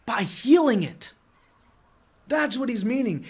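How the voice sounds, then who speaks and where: A man's voice: high-pitched, lively intonation, moderate pace. A man preaching a sermon in an earnest tone, often repeating words as he presses a point. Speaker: pastor.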